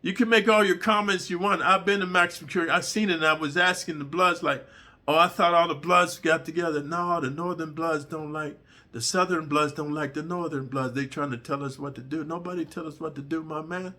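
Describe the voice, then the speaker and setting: Animated, bright-voiced profane male storyteller. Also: fairly high pitch, a little fast. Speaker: channel host telling prison stories. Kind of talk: storytelling monologue.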